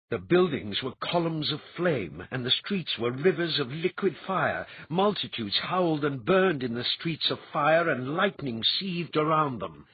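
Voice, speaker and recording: Husky guy reading a fantasy audiobook, lively dramatic delivery, dry dull sound. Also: mid-range voice, no room sound. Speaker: audiobook narrator. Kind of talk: scripted fantasy narration.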